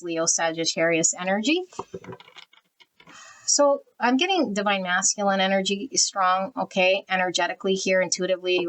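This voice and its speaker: A woman's voice: mid-range voice, fairly bright tone, a little hiss or hum, poor audio. A woman giving an intuitive tarot card reading in a loose, rambling way, full of fillers and self-corrections. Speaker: tarot reader.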